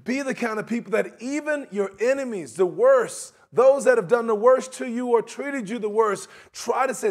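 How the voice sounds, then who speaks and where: Animated man preaching a sermon. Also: extremely high pitch, moderate pace, hardly any pauses. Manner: animated, conversational preaching with acted-out quotes and laughter.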